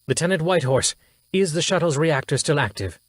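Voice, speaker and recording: A man's voice: on the high side, animated, a little fast, no room sound, voice pushed up. A man voicing a decisive woman admiral in an audiobook, giving clipped, urgent orders. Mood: commanding. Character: woman admiral, commanding and decisive under fire. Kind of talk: audiobook character voice.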